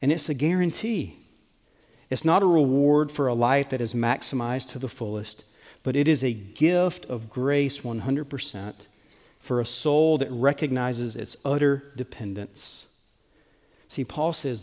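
A man's voice: mid-range voice, normal speed. Preaching man in a reverberant hall. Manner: earnest, emphatic preaching that drops to soft and tender. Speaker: pastor. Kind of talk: sermon. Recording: long reverb of a large hall.

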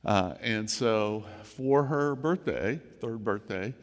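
A man's voice: fairly low pitch, slow pace, in a large hall. An older man, a grandfather, preaching a sermon in a conversational storytelling manner. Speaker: pastor.

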